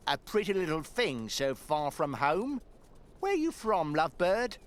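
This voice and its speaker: A leering, sneering thug. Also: male voice, a little high, very animated, unhurried. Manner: sneering and mocking, chuckles often. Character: leering, crude male thug brother. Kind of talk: video game voice acting.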